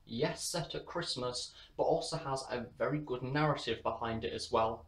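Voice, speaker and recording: A man's voice: medium pitch, normal speed, hardly any pauses, reverberant, low-quality recording. A man giving a spoken review of an audio drama, talking steadily and often saying "in fact". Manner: flat, steady delivery with frequent "in fact".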